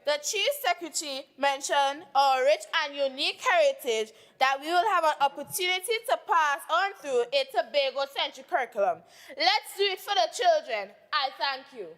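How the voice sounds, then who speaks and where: A young woman finishing her assembly speech in an emphatic, loud, rousing manner. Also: high voice, expressive, moderate pace, hardly any pauses. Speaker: youth assembly member. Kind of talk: closing debate remarks.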